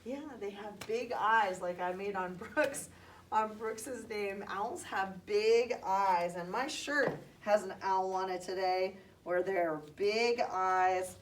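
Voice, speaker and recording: A woman's voice: medium pitch, slow. A woman teaching young children, patient and encouraging, asking questions and calling on them by name. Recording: distant mic, faint background noise.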